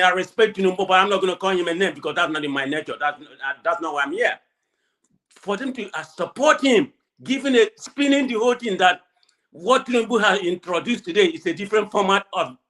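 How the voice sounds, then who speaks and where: Indignant Nigerian man, bright tense voice. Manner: indignant, ranting, swings from low and calm to loud outbursts. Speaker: live stream caller. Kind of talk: impassioned live audio commentary.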